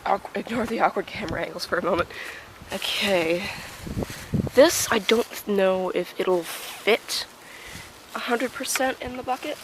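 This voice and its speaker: A woman's voice: medium pitch, a little slow. A young woman chatting casually to camera in a rambling vlog, filming herself with a phone outdoors by a house. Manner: chatty, rambling with many fillers. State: out of breath. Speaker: vlogger. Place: outdoors beside a house, partly in a car. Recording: outdoor phone recording with background noise.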